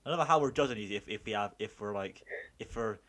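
A young man, co-hosting a podcast in casual chat, animated and laughing a lot. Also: fairly low pitch, fast talker. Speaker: podcast co-host.

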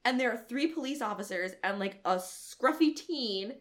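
A woman's voice: fairly high pitch, normal speed. Chatty young woman reviewing a movie. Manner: chatty, frequent "like" fillers, animated retelling. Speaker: podcast co-host. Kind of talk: casual movie review chat.

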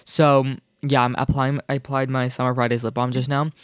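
A young man hosting his own podcast, chatting casually and excitably in a rambling way with lots of filler words. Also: medium pitch, brisk, clean tone, no echo, clean studio sound. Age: young adult. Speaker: podcast host. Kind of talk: casual solo podcast chat.

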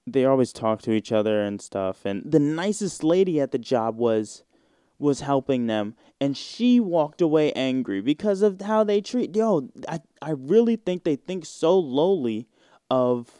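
A young man in his twenties talks through a casual solo podcast episode, drifting from one thought to the next in loose slang. His voice is smooth and resonant, recorded close and dry with no room sound. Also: medium pitch, sing-song, a little slow, warm tone, dry recording. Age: 20s. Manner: rambling and slangy, with frequent fillers and swearing. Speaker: podcast host.

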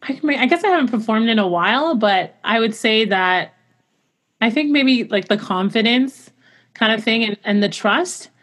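A woman who sings opera, talking earnestly in a casual interview, full of "like" fillers and quick laughs. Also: a little high, expressive, a bit bright. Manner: chatty and earnest, filler-heavy with frequent "like"; laughs often while talking. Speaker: opera singer, interview guest.

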